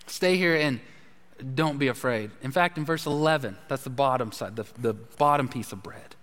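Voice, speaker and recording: A man's voice: mid-range voice, moderate pace, fairly bright tone. A man preaching a sermon as pastor, emphatic and repetitive, often restarting his phrases. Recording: long hall reverb.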